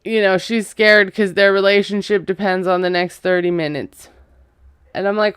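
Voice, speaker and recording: A woman's voice: medium pitch, steady tone, moderate pace, fairly bright tone, clear, resonant tone, dry recording, clean studio sound. A woman recapping a TV episode in a casual, gossipy, sarcastic way. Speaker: TV recap vlogger.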